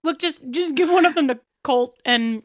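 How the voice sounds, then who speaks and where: A woman's voice: high-pitched, normal speed, dry recording, clean studio sound. A woman playing a tabletop role-playing game, laid-back and dryly joking with laughs between remarks. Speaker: player. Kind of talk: tabletop role-play banter.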